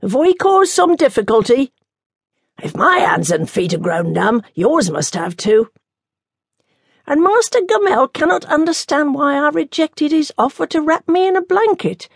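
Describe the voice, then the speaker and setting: A woman reading the part of a tough, dry-witted nun raised on a stormy coast, speaking briskly and teasingly. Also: high voice, big pitch swings, vocal fry, dry recording, voice pushed up, full character voice. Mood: brisk wry.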